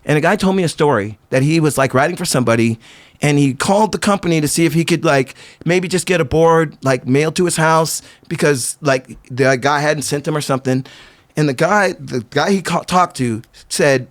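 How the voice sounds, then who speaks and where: A man's voice: fairly high pitch, a little fast. A middle-aged man, a skateboarder and company owner, telling rambling stories as a podcast guest, full of "like" and restarts. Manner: animated, rambling, lots of "like" and restarts. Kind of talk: casual storytelling interview.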